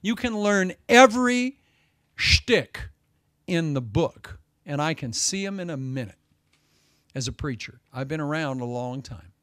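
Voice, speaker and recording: A man preaches with a fairly high voice, his lines rising to loud emphasis and then dropping to hushed asides. The sound is dry and close, with no room around it. He speaks as a pastor delivering a Sunday sermon. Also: animated, a little slow, no echo.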